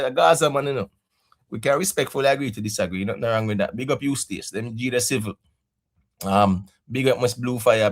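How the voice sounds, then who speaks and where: A young adult Jamaican man hosting a casual live stream, laughing often and giving shout-outs to viewers in patois. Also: medium pitch.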